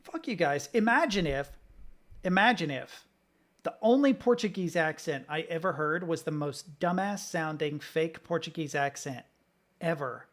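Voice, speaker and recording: A man's voice: a little high, expressive, a little slow, fairly bright tone. A man from the Southern United States, streaming and ranting casually with lots of swearing while he reacts to clips. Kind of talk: live-stream reaction commentary.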